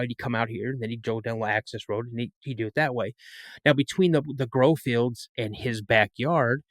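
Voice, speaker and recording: A man's voice: medium pitch, a bit bright, no echo. Rambling storyteller man, dry close sound. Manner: rambling, repeats words and restarts. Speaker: podcast guest. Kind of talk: storytelling in an interview.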